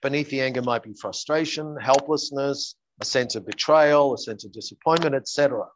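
A man's voice: medium pitch, a little fast, lo-fi sound, a little hiss or hum. A man speaking as an interview guest, earnestly telling stories and acting out the dialogue in them. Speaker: guest, coach. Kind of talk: interview storytelling.

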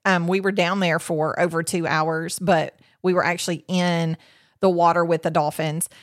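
A woman's voice: on the low side, level tone, moderate pace, dry recording, clean studio sound. A woman hosting a podcast, talking casually and rambling with lots of fillers and restarts. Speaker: podcast host. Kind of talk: casual chat about a vacation.

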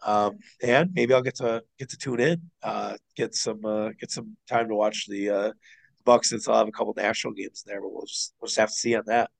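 A man co-hosting a podcast, chatting casually about basketball, excitable and quick to swear. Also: gravelly, low-quality recording. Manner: excitable, swears, jumps in with rising pitch. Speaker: podcast co-host. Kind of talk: casual sports chat.

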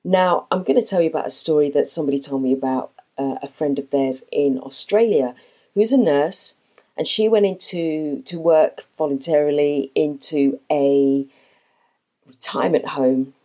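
Mellow, low-voiced woman in her fifties. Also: normal speed. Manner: earnest, uses rhetorical questions. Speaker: fitness instructor. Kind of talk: motivational talk.

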